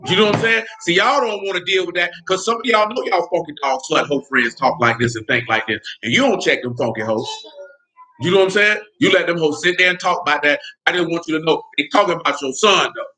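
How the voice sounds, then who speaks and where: Man, high voice, bright tone, blunt heated rant, casual podcast talk. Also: fast talker, slight background noise. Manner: blunt, heated, profane, keeps asking "you know what I'm saying". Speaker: podcast host. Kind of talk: casual spoken commentary.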